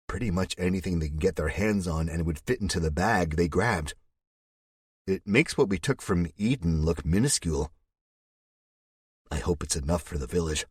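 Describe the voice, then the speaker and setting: A man's voice: deep voice, slightly rough, no echo. A man narrating an audiobook in the first person, telling it in a gritty, tense way on a close studio mic.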